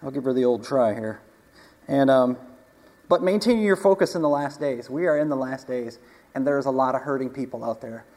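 Conversational preacher in a reverberant hall. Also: male voice, mid-range voice, a little fast, darkish tone. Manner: conversational, rhetorical questions to the congregation. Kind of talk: sermon. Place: church hall.

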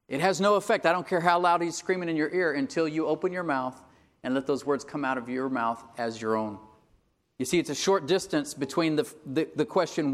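A pastor with a slightly higher male voice preaches to his church. He swings from quiet explanation to forceful, rising emphasis and checks in with the congregation for agreement. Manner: emphatic preaching with rising bursts and call-and-response asides. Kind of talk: sermon.

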